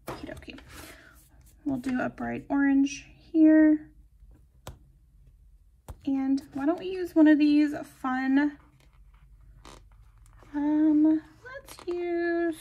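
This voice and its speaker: A woman chatting casually and giggling as she decorates a planner, her voice sometimes dropping to soft murmurs. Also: high voice, creaky, slight background noise. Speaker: planner vlogger. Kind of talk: casual plan-with-me narration.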